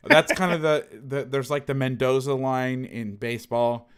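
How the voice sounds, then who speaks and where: A man talks through football game film in a casual, blunt way, swearing now and then and correcting himself mid-thought. His voice sits at a middling pitch. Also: fairly even intonation, normal speed, clean tone. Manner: blunt, thinks aloud, self-correcting, salty language.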